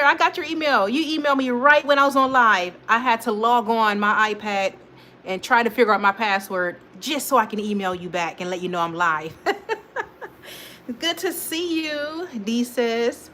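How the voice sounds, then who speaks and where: A young woman hosting a casual livestream talks straight to her viewers and reads their comments aloud. She laughs often and answers the chat as it comes in. Her voice is bright and forward, with a faint hum of noise behind her. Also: a little high, normal speed. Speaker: livestream host.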